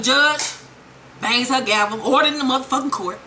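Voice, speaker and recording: A woman giving a casual, animated and profane recap of a TV episode. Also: high voice, normal speed, a little hiss or hum. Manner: animated, profane, acts out the characters. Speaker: TV episode reviewer.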